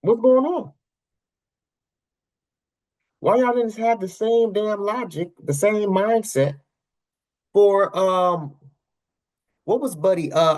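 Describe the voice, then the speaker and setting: Young man ranting at his viewers. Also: high-pitched. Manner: talks straight to viewers, repeats himself, fires off rhetorical questions. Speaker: channel host. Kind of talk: casual commentary on news clips.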